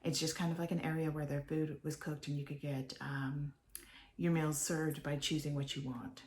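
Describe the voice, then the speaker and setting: A woman's voice: sits low, flat delivery, moderate pace, darkish tone. An older woman from Texas chatting in a meandering way to her viewers from a home office, sometimes dropping to a whisper. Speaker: vlogger. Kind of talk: rambling casual vlog.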